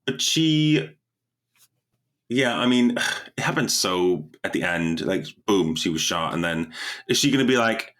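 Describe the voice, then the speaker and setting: Podcast co-host: man, very low voice, rambling casual chat. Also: animated, measured pace, a bit bright. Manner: rambling, stumbles over words, laughs often.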